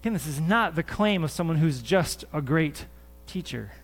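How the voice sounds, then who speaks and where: A man's voice: on the high side, animated, normal speed. A man preaching a sermon in church as pastor, earnest and conversational, often repeating his phrases. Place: church sanctuary.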